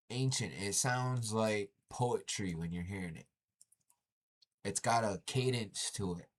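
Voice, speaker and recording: A man casually commenting on a video he is watching, animated and slangy, often exclaiming. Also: on the low side.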